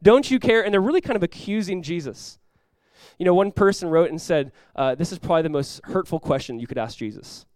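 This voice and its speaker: Animated preaching man, dry close sound. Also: fairly high pitch, fairly quick, smooth, no room sound. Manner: animated preaching, acting out dialogue with sudden loud outbursts. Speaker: pastor. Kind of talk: sermon.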